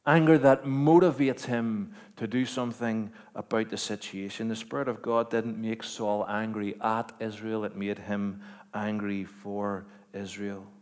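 A man preaching a sermon, moving between quiet, measured storytelling and loud, emphatic declarations with rhetorical questions. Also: lowish voice, steady tone, smooth. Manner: dynamic, swings from hushed to emphatic, rhetorical questions.

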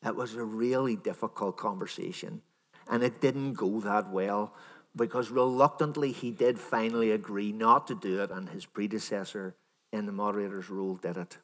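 A minister giving a sermon in a conversational, storytelling manner, voicing imagined dialogue. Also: male voice, lowish voice, moderate pace, a bit bright, big-room sound.

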